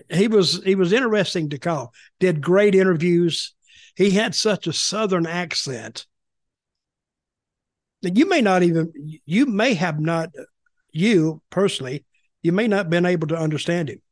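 A man's voice: on the high side, dry recording, studio quality. An older man co-hosting a podcast, telling stories in casual chat and repeating words as he goes. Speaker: podcast co-host, former wrestling commentator.

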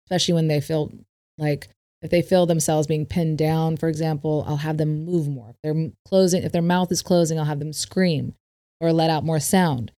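A woman guest on a podcast, calmly explaining breathwork techniques in a casual, measured way. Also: low-pitched. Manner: explanatory, measured, trails off softly. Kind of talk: casual interview chat.

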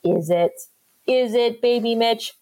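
A woman's voice: a little high, takes it slowly, warm tone. Chatty woman podcast co-host. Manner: laughs often, retells scenes with quoted lines. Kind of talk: casual recap chat.

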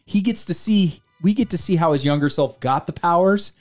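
A man's voice: fairly high pitch, a little fast, soft background music. A man co-hosting a podcast, casually recapping a movie, acting out scenes and laughing, with light swearing. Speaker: podcast co-host. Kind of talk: casual movie review chat.

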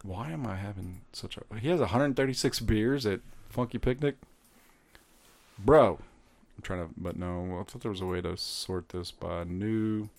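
A man co-hosting a podcast, casual chat, enthusiastic and quick with punchy interjections. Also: fairly low pitch, creaky, a little mellow. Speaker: podcast co-host.

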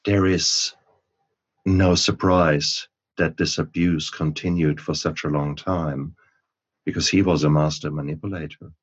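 A man interviewing a guest, asking probing questions in a measured, thoughtful way. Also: rumbling low, fairly even intonation, slightly rough. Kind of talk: conversational interview. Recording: dull lo-fi sound.

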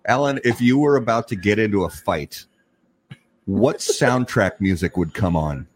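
A man's voice: lowish voice, moderate pace. A man hosting a casual podcast chat, joking and sarcastic as he asks questions. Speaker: podcast host.

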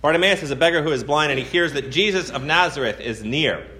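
A man's voice: fairly high pitch, fast, pushed and bright, reverberant, slight background noise. A man preaching a conversational sermon to his congregation, telling a story and acting out the quoted voices. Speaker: pastor. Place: church sanctuary.

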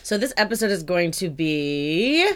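A young woman co-hosting a podcast in a loose, casual chat. Her voice sits a little low, and she swears and laughs easily. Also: sing-song, unhurried, a bit bright. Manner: laid-back, swearing, laughs often. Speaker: podcast co-host.

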